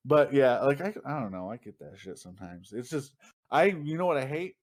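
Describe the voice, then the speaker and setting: Laughing, swearing young podcast host. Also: male voice, a little high, big pitch swings, brisk. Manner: laughing storyteller, swearing freely. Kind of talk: casual chat.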